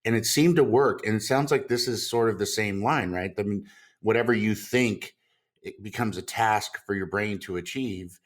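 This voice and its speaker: A man's voice: lowish voice, normal speed. A man hosting a podcast interview, telling personal stories in a loose conversational way. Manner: conversational, storytelling with restarts. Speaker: podcast host.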